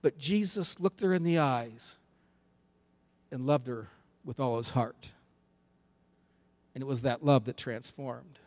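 A man's voice: mid-range voice, slow pace, long pauses, a little mellow. A man preaching a sermon with an emphatic, repetitive cadence.

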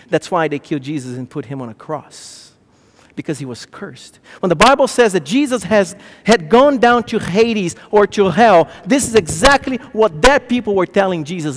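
High-voiced animated man preaching in a hall. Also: moderate pace. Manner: animated, swings from loud to hushed. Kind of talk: sermon. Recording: long hall reverb.

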